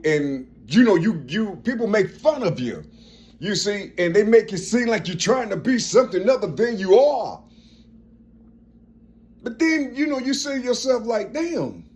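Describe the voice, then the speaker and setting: Here a man in his fifties rambles through a personal monologue in a high, strong and forceful voice. He repeats himself as he searches for words.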